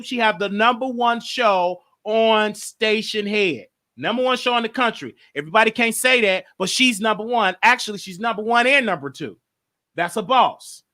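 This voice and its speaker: A male show host speaking in a high voice with a bright, forward tone. He rambles and circles back on the same words, and he talks openly and emotionally about his own mental health. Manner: emotional, rambling, repeats himself. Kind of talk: casual monologue.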